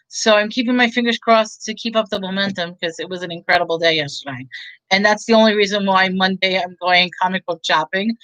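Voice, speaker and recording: A chatty, upbeat woman with a New York, Long Island accent talks casually to her live-stream viewers, rambling and laughing as she goes. Her voice sits fairly high. The sound is dry and close. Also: a bit bright, dry recording, rough recording. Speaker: online reseller hosting a live stream. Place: home in Texas.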